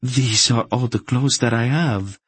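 A man's voice: medium pitch, a little slow, slightly rough, no room sound, pitched above the performer's own voice. A man reading an audiobook and voicing a weary young enslaved woman in a lifted, tired voice. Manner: tired, raised voice, soft. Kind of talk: audiobook character voice.

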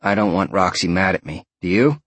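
A man's voice: sits low, brisk, husky, dry recording. A man voicing an earnest young male student who talks firmly and practically, in audiobook narration.

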